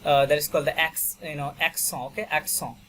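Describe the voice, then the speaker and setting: A man's voice: fairly high pitch, level tone, fairly quick, a bit bright. A man teaches an online French class over a video call. He speaks patiently, circles back with "okay" and "you know," and repeats each term for his students. A faint hiss of noise sits under the call. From Bangladesh. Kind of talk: online language lesson.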